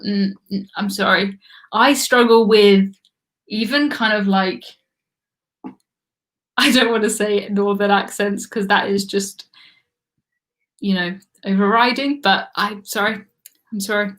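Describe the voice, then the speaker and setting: A woman's voice: medium pitch, fairly even intonation, measured pace, long pauses, a bit bright. An English woman hosting a live trivia stream, chatting casually and laughing often as she reads viewer comments.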